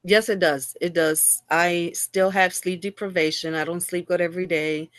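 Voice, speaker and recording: Low-voiced woman telling her story animatedly. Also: normal speed, dry recording, clean studio sound. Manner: animated, acts out quoted exchanges. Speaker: interview guest. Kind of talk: candid storytelling interview.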